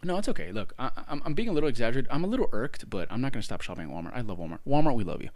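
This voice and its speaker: A young man co-hosting a podcast, ranting in an exaggerated, profane, animated way. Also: medium pitch, very fast, no echo. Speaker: podcast co-host. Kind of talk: casual chat, ranting complaint.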